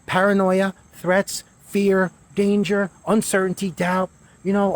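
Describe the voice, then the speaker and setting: A man's voice: high-pitched, completely flat delivery, slow. A man delivering an urgent, emphatic monologue to viewers, often repeating phrases for emphasis. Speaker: spiritual video creator. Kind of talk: preachy monologue to camera.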